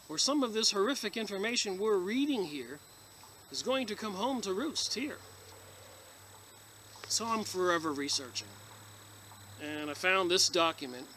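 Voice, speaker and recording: A high-pitched man with a bright, sharp tone, reading passages from a book and stopping to comment on them. He talks with emphasis and gets emotional. Crickets chirp faintly behind him. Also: slight background noise. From United States. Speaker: video blogger reviewing books.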